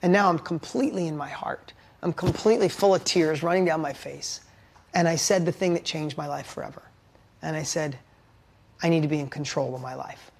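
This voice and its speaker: A middle-aged man and business owner giving an emotional motivational talk, intense and heartfelt, blunt with casual swearing. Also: sits high. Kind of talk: emotional personal storytelling.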